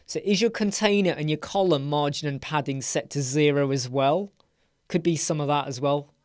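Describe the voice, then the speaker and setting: A man's voice: a little high, normal speed, a little mellow, no echo, clean studio sound. An English man hosting a casual live Q&A stream from a room at home, chatty and playful, rambling between questions. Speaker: web design live stream host.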